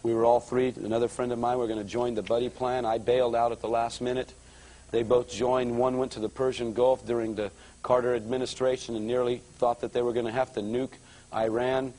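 A man giving a conversational sermon testimony at a live church service, his storytelling growing excited and louder. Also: medium pitch, a little fast, rough recording. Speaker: guest speaker giving a testimony.

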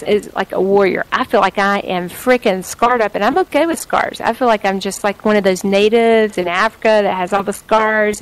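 A woman's voice: mid-range voice, poor audio. A middle-aged woman hosting a radio talk show, with a playful put-on Southern accent and a chatty, rambling way of talking. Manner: chatty, rambling, laughs often. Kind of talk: casual radio chat.

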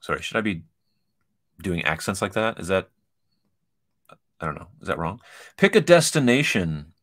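A man's voice: sits low, moderate pace, sharp tone. A man hosting a casual kitchen-design show, reading an online quiz aloud and joking through it. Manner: joking, chatty, reads quiz items aloud with asides. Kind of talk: casual commentary over a shared screen.

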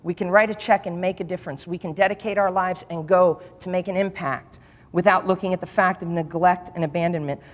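Emphatic preacher in a reverberant hall. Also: male voice, high voice, steady tone, brisk. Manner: emphatic, repeats phrases for effect. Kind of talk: sermon.

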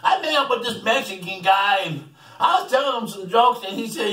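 A man rambles through a long joke in a relaxed, casual way, stumbling over repeated words and often breaking into chuckles. His voice runs fairly high. The sound is echoey and distant, with the mic some way off. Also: normal speed. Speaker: joke teller.

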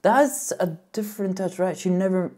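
A woman hosting a reaction video, talking casually in an excitable, slangy way and laughing often. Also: on the low side, normal speed.

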